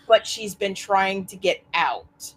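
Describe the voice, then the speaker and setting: A woman in her thirties, a guest on a podcast, chatting casually in an unhurried way. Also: medium pitch, expressive, slightly rough.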